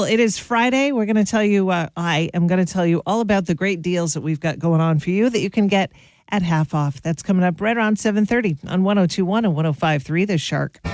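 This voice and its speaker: A woman's voice: medium pitch, no room sound. A woman hosting a morning radio show, chatty and laughing at her own jokes. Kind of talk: upbeat radio show chat. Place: radio studio. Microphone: studio mic.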